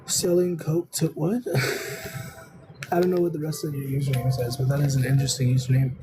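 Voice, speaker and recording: A tarot reader hosting a casual live stream, talking in a rambling, unhurried way full of "um"s and "I don't know"s. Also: mid-range voice, level tone, noisy background.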